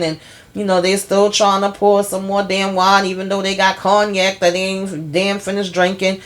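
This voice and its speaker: A woman's voice: medium pitch, flat delivery, normal speed. A woman hosting a casual TV episode recap in a chatty way, acting out the characters' lines as she retells them. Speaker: TV recap host.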